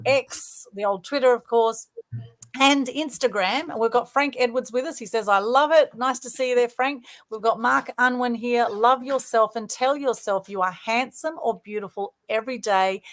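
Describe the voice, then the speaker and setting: A woman's voice: a little high, moderate pace. An Australian woman hosting a live-streamed talk show, enthusiastic and gushing. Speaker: host.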